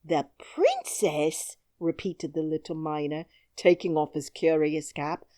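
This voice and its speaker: A woman narrating a classic children's story in a measured, expressive way. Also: low voice, no echo, studio quality. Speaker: audiobook narrator.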